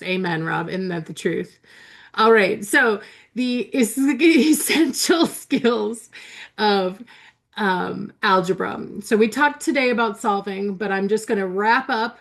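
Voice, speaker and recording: A woman teaching teachers in a live online webinar, talking into her computer mic. She is chatty and upbeat, full of fillers and quick laughs, and she reads chat comments back to her audience. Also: medium pitch, creaky. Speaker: math educator hosting a webinar.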